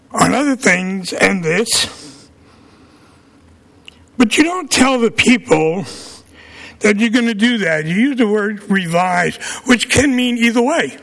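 Combative Brooklyn man with a gravelly voice. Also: high-pitched, fairly bright tone. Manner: combative, blunt, scolding. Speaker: public commenter at a city council meeting. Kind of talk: public testimony. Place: city council chamber.

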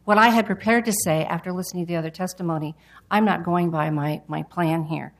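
A woman with a notably low voice speaks before a city council. Her testimony is earnest and urgent, delivered in short, direct statements. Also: brisk, rough recording. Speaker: public commenter at a city council hearing.

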